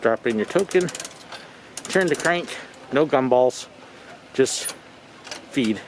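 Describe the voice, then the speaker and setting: Middle-aged male vlog host, animated delivery, dry jokes, outdoor zoo with faint background noise. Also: medium pitch, slow pace, low-quality recording. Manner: wry, joking tour-guide commentary. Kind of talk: casual narration at the zoo.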